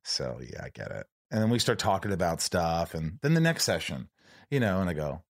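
A man's voice: deep voice, sing-song, brisk, no echo, studio quality. A man hosting a podcast, telling a personal story in casual chat and acting out the dialogue. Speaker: podcast host.

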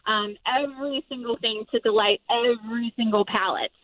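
A woman from the US East Coast, a marketing executive, interviewed on the radio by phone, bright and enthusiastic. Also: a little high, moderate pace, a little hiss or hum. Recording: tinny phone line.

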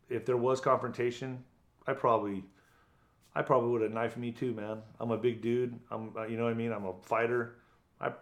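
A middle-aged man, a former boxer, telling his story bluntly and profanely in an interview, acting out what others said. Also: mid-range voice. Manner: blunt, profane, vivid retelling with acted quotes.

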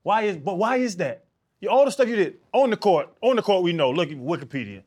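A man co-hosting a podcast, eagerly asking questions in quick bursts. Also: high-pitched, animated, darkish tone. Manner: eager, rapid-fire questions. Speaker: podcast co-host. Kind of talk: casual podcast chat.

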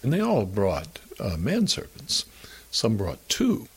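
An American man in his sixties, an interviewee recalling his past in a halting, emotional way, with many fillers and restarts. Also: lowish voice, wildly swooping pitch, husky. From United States. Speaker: interviewee, author. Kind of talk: emotional personal reminiscence.

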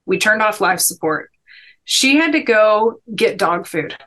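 Woman, middle-aged, podcast guest, earnest storytelling, emphatic, mid-range pitch. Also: lively intonation, measured pace, a bit bright. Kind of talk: storytelling in a sit-down interview.

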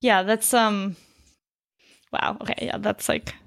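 A woman in casual chat as listener and co-host, cutting in with quick questions. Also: mid-range voice, fairly even intonation, gravelly, a bit bright. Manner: interrupts with quick questions, looks things up aloud.

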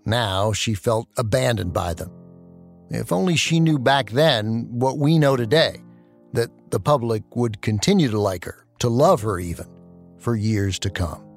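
A man giving measured, scripted documentary narration. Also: mid-range voice, expressive, creaky, soft background music.

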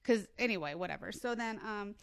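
A woman's voice: medium pitch, animated, brisk, gravelly, smooth, no echo, studio quality. A woman comedian telling a long story in casual chat, swearing freely and acting out her own phone calls. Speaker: guest comedian.

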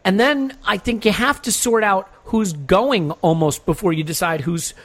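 A man's voice: high-pitched, moderate pace, a little hiss or hum. A man hosting a football podcast, eager and stammering as he asks questions. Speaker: podcast host. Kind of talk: casual chat.

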